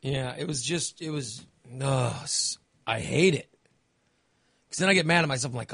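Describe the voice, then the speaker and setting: A man's voice: mid-range voice, normal speed, gravelly, fairly bright tone, slightly rough, no room sound. A man co-hosting a casual comedic podcast, telling stories animatedly and acting out his own reactions. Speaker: podcast co-host.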